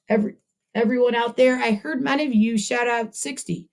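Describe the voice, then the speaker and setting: A woman with a fairly high voice leads a cheerful math lesson for young children. She counts slowly and clearly and praises her class often. She talks warmly to a puppet sidekick along the way. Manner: upbeat, encouraging, talks to a puppet. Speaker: second grade teacher.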